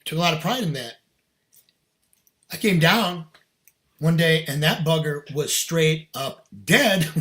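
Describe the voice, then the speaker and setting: A man's voice: a little high, lively intonation, slow pace, pauses often, a bit bright. A middle-aged man, a podcast guest, telling a personal story in casual, earnest, emphatic talk with slang.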